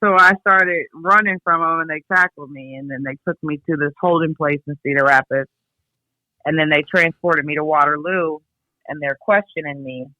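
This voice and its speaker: A woman from Iowa giving a candid personal account, blunt and halting, swearing freely as she reflects. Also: deep voice, pushed and bright, no room sound. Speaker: guest, host's sister. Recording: tinny phone line.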